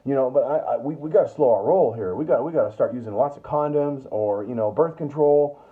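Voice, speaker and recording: A man's voice: mid-range voice, a little fast, breathy edge. A man delivering a profane, heated political rant full of stammering restarts. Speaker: political commentator. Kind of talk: ranting monologue. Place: US Northwest. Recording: tinny phone-like sound.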